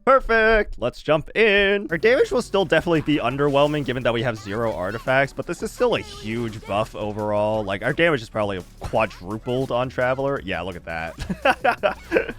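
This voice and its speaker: A man from the United States giving casual, chatty gameplay commentary, laughing often and reacting loudly. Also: mid-range voice, expressive, normal speed. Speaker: streamer playing a game.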